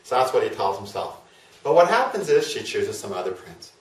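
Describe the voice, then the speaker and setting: A man's voice: lowish voice, very animated, a little fast. A man, an astrologer, retelling a myth in a chatty, casual lecture full of fillers and tag questions. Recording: roomy, from a distance.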